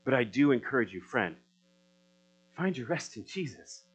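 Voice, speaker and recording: A man preaching a sermon, swinging from loud, rising appeals to quiet, searching questions. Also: mid-range voice, very animated, normal speed, rough recording. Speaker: pastor.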